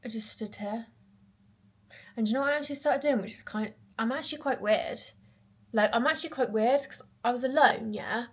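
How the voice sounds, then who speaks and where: A woman's voice: fairly high pitch, far from the mic. A young woman from chatting casually to her phone camera, self-mocking and rambling as she tells stories. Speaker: vlogger. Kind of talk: casual vlog chat.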